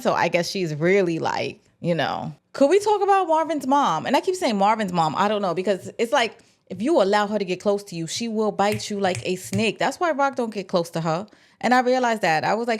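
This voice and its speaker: A woman hosting a casual TV episode recap, talking in an animated, slangy way with big jumps in pitch. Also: a little fast. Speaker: TV recap vlogger host.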